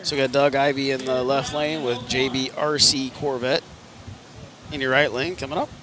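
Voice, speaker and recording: A man's voice: mid-range voice, steady tone, moderate pace, a crowd in the background. A man giving easygoing, joking live commentary at a car race, often unsure of names.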